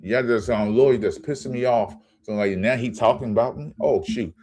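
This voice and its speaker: A man's voice: mid-range voice, moderate pace, mellow, slight background noise. A man hosting his own sports channel, ranting in a heated, profane way and stammering when he gets angry.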